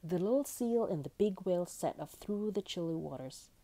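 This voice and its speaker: Woman storyteller for a children's book, gentle and mellow, lively expressive reading. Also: lowish voice, moderate pace. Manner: expressive, gentle read-aloud.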